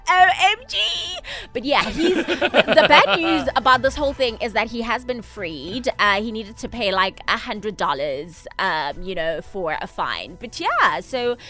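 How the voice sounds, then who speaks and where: A woman's voice: a little high, lively intonation, pushed and bright, faint music behind. A woman voicing a bubbly Valley Girl news correspondent, gushing and giggly, in a put-on Valley Girl accent. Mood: gossipy. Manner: gushing, giggly, drawn-out words. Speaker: radio co-host.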